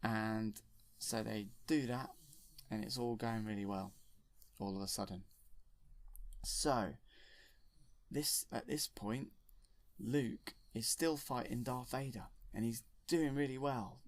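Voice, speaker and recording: A man's voice: mid-range voice, slow, long pauses, no room sound. A man rambling enthusiastically through a film retold from memory, correcting himself as he goes. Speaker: storyteller.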